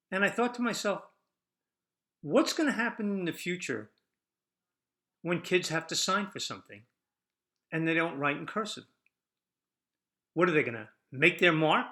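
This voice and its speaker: An older man hosts his own podcast and delivers a combative monologue that keeps firing rhetorical questions at the listener. His voice sits a little high for a man and has a bright, forceful edge. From United States. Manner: combative, rhetorical, lively ups and downs. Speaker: podcast host.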